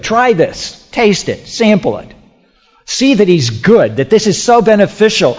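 A man's voice: high-pitched, very animated, measured pace. Emphatic preacher man in a reverberant hall. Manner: emphatic, repeats phrases, swings from loud to hushed. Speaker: pastor. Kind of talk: sermon. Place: church sanctuary. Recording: muffled, with long hall reverb.

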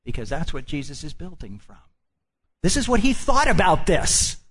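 A man's voice: fairly high pitch, very animated, normal speed, a bit bright, breathy edge. A man preaching a sermon. He draws out his phrases for emphasis and puts questions to the congregation. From Midwestern United States.

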